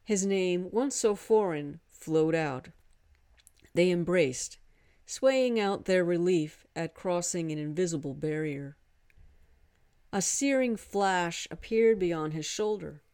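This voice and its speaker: A woman narrating a romance story in a measured, unhurried way. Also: lowish voice, expressive, mellow, clear, resonant tone, dry recording. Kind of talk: scripted narration.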